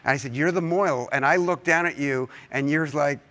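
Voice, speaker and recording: A man's voice: on the high side, moderate pace, bright, forceful tone. A man interviewing a guest on a conference stage, joking and teasing as he talks. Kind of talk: on-stage conversation.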